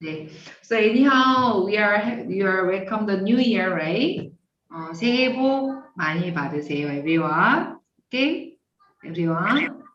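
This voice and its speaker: A woman's voice: mid-range voice, animated, fairly quick, a bit bright, echoey room, recorded from a distance, dull audio. A woman with a Korean accent teaching a beginner language class, repeating phrases and checking in with her students. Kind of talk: online language lesson.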